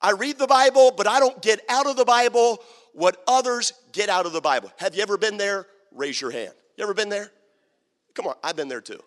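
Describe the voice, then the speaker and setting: A man preaching a sermon as pastor, swinging from quiet talk to shouted preaching. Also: high-pitched, a little fast, in a large hall. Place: church sanctuary.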